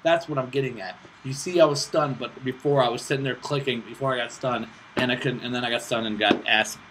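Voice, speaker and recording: Excitable young man joking through a game. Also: medium pitch, a little fast. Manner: excitable, joking and self-mocking, swears often. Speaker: gaming channel host. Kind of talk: casual gameplay commentary. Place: indoors, playing on a laptop with friends in the room. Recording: steady background noise with mouse clicks.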